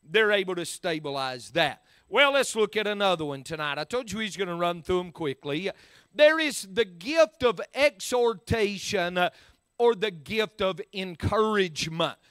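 A man's voice: high-pitched, lively intonation, moderate pace, a bit bright, clear, resonant tone, no room sound. A man preaching a sermon, emphatic, repeating phrases and using many fillers.

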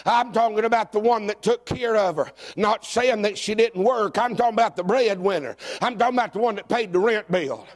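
A pastor in middle age preaching with a high, ringing voice. He swings between shouted, climbing calls and quiet, confessional asides to his church. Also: brisk, hardly any pauses. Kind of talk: sermon.

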